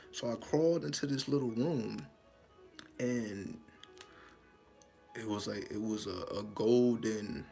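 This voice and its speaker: A man in casual talk, telling a vivid dream story in an animated, profane way and acting out his own scared lines. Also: fairly low pitch, vocal fry. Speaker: spiritual storyteller.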